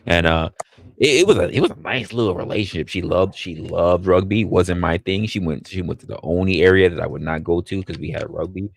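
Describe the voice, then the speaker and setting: Deep gravelly man telling jokey stories. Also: brisk, no echo. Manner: joking, rambling storyteller. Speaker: panel participant. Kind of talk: casual live-stream chat.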